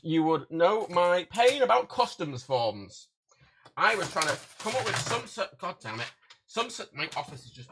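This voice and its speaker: Sweary man with a lively voice. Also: a little high, noisy background. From Britain. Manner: sweary, rambling, restarts often. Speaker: livestream host. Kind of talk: casual livestream chat. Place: home office.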